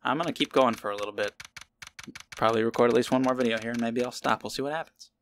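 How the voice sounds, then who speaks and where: A young man rambles through casual game commentary, thinking aloud and poking fun at himself. His voice is bright and mid-pitched, with faint music underneath. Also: fast. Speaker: let's play host. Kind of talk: casual let's play commentary and reading.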